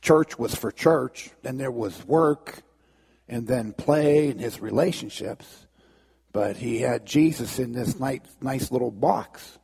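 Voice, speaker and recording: A man telling a dramatic story as a sermon, halting and restarting as he builds tension. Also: mid-range voice, vocal fry, darkish tone, breathy edge, long reverb tail.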